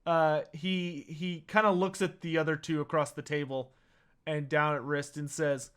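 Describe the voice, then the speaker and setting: A man narrating a tabletop game as game master, with halting speech and many fillers. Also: fairly high pitch, flat delivery, a bit bright, clear, resonant tone.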